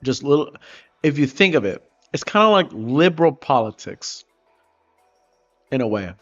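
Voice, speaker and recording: A man's voice: medium pitch, very animated, normal speed, fairly bright tone. A man on his art livestream, chatting casually while drawing, rambling loosely and cursing offhandedly. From Florida, United States. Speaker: livestreaming artist. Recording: dull lo-fi livestream audio with faint music.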